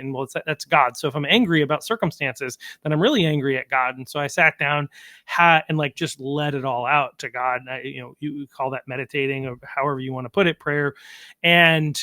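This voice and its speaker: A man's voice: medium pitch, brisk, sharp tone, no room sound. A man hosting a podcast in casual conversation, hesitant and stammering, with frequent restarts.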